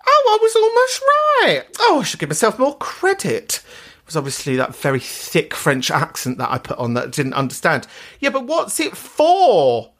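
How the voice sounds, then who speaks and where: A woman's voice: low-pitched, huge pitch swings, moderate pace. A woman hosting a podcast, chatting casually and swearing a lot. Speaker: podcast host. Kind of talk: casual chat.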